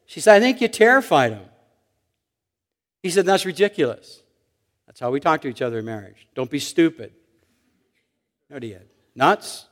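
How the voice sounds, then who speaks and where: Male pastor, slightly high voice, sermon delivery with dramatic loud-soft swings, long hall reverb. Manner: storytelling preacher, swings between loud emphasis and hushed asides.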